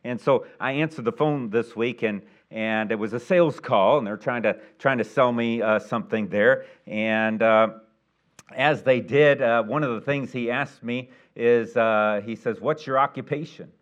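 A middle-aged man preaching a sermon as pastor, telling a story in a folksy way with many restarts, moving between quiet asides and loud, emphatic peaks. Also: mid-range voice, measured pace, dull audio.

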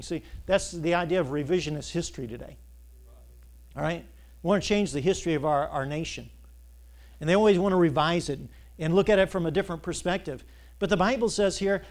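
A pastor preaching a sermon, asking the congregation call-and-response questions and building to loud, emphatic stretches. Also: male voice, sits high, brisk.

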